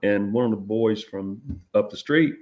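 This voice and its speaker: A middle-aged man, telling a personal experience as an interview guest in a halting, rambling way full of restarts. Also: fairly low pitch, darkish tone.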